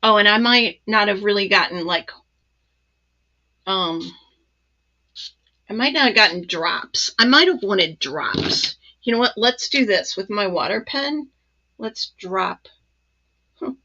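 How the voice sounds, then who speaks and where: A woman hosting a casual live crafting demo, chatty and excited, with many ums and asides. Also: mid-range voice, slow, long pauses, lo-fi sound. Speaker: crafting channel host.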